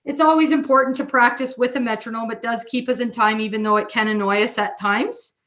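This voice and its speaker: A woman giving a bass drum seminar. She explains patiently, counts rhythms aloud and checks in with "okay?". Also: steady tone, fairly quick, a bit bright, muffled recording.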